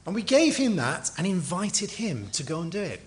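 A man's voice: sits high, big pitch swings, normal speed. A middle-aged man from England preaching a sermon, telling stories with acted quotes and dry humor.

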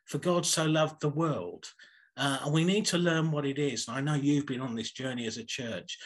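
A man preaching a sermon over a video call, telling stories in a husky voice and acting them out. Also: fairly high pitch, moderate pace. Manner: animated, acts out stories.

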